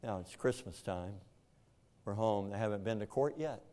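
An older male pastor delivering a sermon in a fervent, emotional voice. He surges into loud, pleading questions, then drops to a low, weary hush as he tells a family story. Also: moderate pace. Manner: emotional storytelling, swinging from shouted questions to hushed, heavy delivery.

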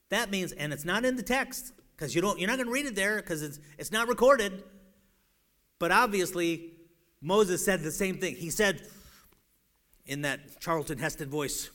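A man preaching a sermon, reading scripture aloud and acting out the doubting cries of biblical figures with animated, pleading bursts. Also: high-pitched, a little slow, long pauses.

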